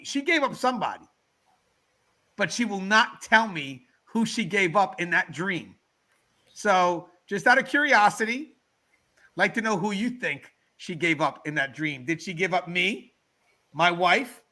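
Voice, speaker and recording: A middle-aged man hosting a livestreamed talk show, chatting casually and telling a story to his viewers in an animated way. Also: high voice. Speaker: podcast host. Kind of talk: casual storytelling to a live chat.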